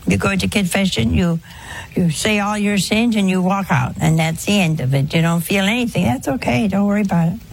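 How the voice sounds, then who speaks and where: An older woman giving a conversational religious talk, folksy and gently humorous, full of rhetorical questions. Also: mid-range voice, a little fast, gravelly. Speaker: religious speaker. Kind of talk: talk to an audience on confession.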